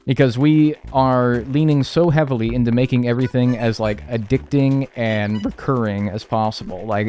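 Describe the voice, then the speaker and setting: Animated ranting male game streamer. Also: mid-range voice. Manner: animated, ranting, swears freely. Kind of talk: casual live-stream chat while playing.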